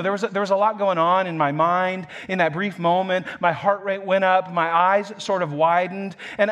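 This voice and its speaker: High-voiced man preaching, chuckling often. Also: a bit bright. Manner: self-deprecating, stammers and repeats words, chuckles often. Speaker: pastor. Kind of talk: sermon with personal story.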